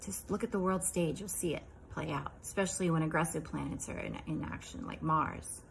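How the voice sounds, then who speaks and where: A woman in her fifties casually recounting a strange dream, chatty and rambling, dropping into quiet asides. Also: low-pitched, fairly quick, creaky, a little hiss or hum, low-quality recording. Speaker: vlogger.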